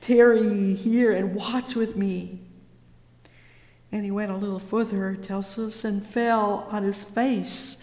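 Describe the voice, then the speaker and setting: In an echoey hall, a preacher delivers a fervent sermon, reading old-fashioned scripture and exclaiming praise between lines. The voice is mid-range and darkish in tone, slow, with fairly even intonation.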